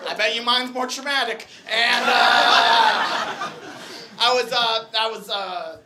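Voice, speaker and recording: A young man tells a stand-up story on a club stage, his voice pitched high and animated, jumping into shouted punchlines. A live audience laughs along behind him. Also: slow pace, very noisy. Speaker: stand-up comedian. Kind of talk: stand-up comedy set. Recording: live crowd audible.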